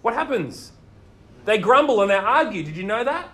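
Male preacher, high voice, lively storyteller. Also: moderate pace. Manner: animated storytelling, asks the listeners questions. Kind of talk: sermon.

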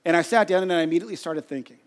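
A middle-aged pastor preaches from the stage, his voice sitting high for a man. He tells an animated, self-deprecating story. The sound trails off in the long reverb of a large hall. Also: racing. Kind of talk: storytelling sermon. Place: church stage.

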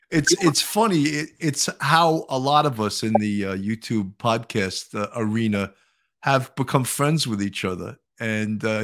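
An older man with a New York accent, a retired policeman, hosting a podcast interview in a chatty, halting way. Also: medium pitch, fairly bright tone. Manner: chatty, hesitant with many fillers and restarts. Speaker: podcast host. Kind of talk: casual interview chat.

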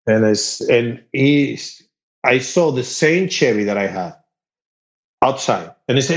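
A man tells a story in a lively, swooping voice, often stalling and repeating words as he hunts for the next one. His voice sounds roomy and a bit dull, as if recorded in a reverberant space with modest gear. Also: medium pitch. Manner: halting, repeats words while searching for them. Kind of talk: casual anecdote.

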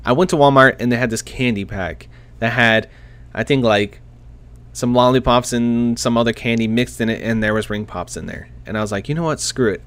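A young man casually telling a personal story into a desk microphone, chatty and self-deprecating, laughing often. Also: medium pitch. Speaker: vlogger.

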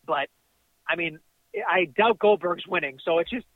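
A man co-hosting a wrestling podcast in casual chat, ranting excitably with profanity, calling in from his car. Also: sits high, normal speed, a crowd in the background. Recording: tinny dry phone line.

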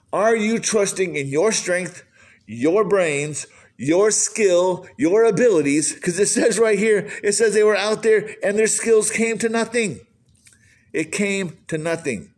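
Male pastor, earnest questioning sermon delivery, voice a bit higher than usual. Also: darkish tone. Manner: earnest, questioning, emphatic preaching.

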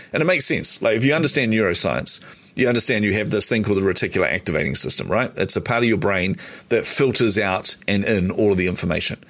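In a casual storytelling interview, a middle-aged podcast guest with a New Zealand accent tells stories animatedly and acts out the dialogue. His voice is on the low side with a fairly bright tone.

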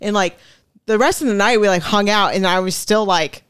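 Smooth-voiced woman telling a story. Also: medium pitch, normal speed, dry recording, clean studio sound. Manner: laughs often, chatty with many "like" fillers. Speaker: podcast guest. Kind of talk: casual storytelling chat.

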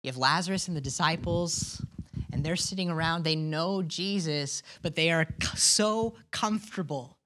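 A low-pitched woman preaches to her congregation with an earnest, searching delivery. She stumbles and repeats words as she restarts her thoughts. She puts questions to the room as she goes. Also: normal speed, fairly bright tone. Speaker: pastor. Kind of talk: sermon.

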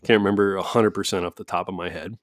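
A man's voice: sits low, fairly even intonation, fast, dry recording, studio quality. A man talking at home in a casual ranting monologue, profane and sarcastic, with frequent laughs. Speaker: parent with kids at home.

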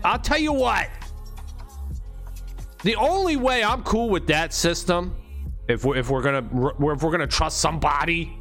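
Profane slangy male ranter, high voice, faint music behind. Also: a bit bright. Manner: profane, slangy, rambling and emphatic. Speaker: vlogger on money and bitcoin. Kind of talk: unscripted monologue rant.

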